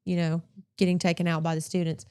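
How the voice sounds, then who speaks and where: A woman's voice: on the low side, level tone, quick pace, warm tone, clean tone. A female co-host giving conversational, pointed commentary on the news. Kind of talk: news commentary talk show.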